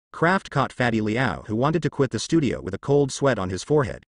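Male audiobook narrator, lively pitch, dry sound, flat read. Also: fairly quick, no room sound. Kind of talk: audiobook narration of translated fan fiction.

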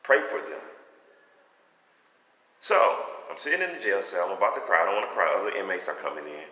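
A man with a lowish, bright, forceful voice tells his faith testimony. He talks in a fervent, rambling way, close to preaching. The sound rings in a roomy space with a long reverb tail. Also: sing-song, fairly quick. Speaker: giving a personal faith testimony. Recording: echoey room with long reverb.

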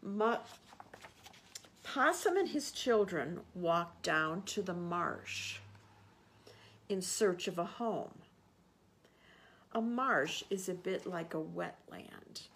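A woman, a children's librarian, reading a picture book aloud and gently explaining words and pictures to children. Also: on the low side, expressive, very slow, long pauses.

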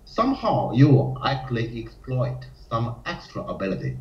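A man teaching a Go lecture in non-native English, often acting out panicked players in a high voice. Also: very animated, moderate pace, few pauses. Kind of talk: live-streamed lecture. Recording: roomy, dull lo-fi stream audio.

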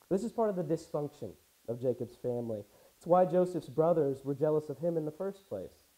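Wry conversational preacher man, very mellow. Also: a little high, lively intonation, a little fast, rough recording. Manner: conversational, wry asides, acts out voices when reading. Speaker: pastor. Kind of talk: sermon. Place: church.

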